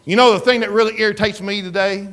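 A man's voice: high-pitched, steady tone, fast, fairly bright tone. A man preaching a sermon as pastor, telling a story with emphatic, repetitive delivery. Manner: emphatic storytelling preacher, repeats words, rises and falls in intensity.

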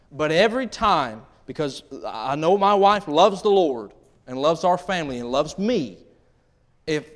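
Conversational man preaching a sermon. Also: on the high side. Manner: humorous, conversational preaching with acted-out quotes. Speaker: pastor.

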